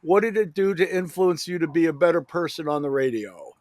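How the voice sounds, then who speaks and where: A man hosting an interview, asking questions haltingly and restarting them. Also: fairly high pitch, darkish tone, dry recording, clean studio sound. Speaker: podcast host.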